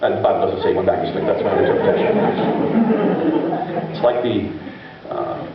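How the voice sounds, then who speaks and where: A male pastor giving a sermon, telling Bible stories in a lively, casual way and acting out the voices. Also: lowish voice, brisk, heavy background noise. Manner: animated storytelling preacher, acts out voices. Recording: echoey dull room recording.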